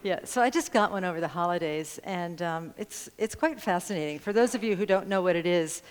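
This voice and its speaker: A woman's voice: fairly low pitch, fairly quick, smooth. A woman minister giving a chatty, humorous sermon to a congregation, laughing often between lines. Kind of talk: conversational sermon. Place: spiritual center sanctuary before a congregation. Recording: long hall reverb in a large room.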